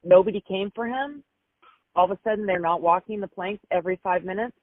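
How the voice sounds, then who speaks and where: A grieving mother telling stories about her son in a halting, emotional way, often repeating herself. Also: mid-range voice, no room sound. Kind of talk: phone interview storytelling. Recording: tinny phone line, dry.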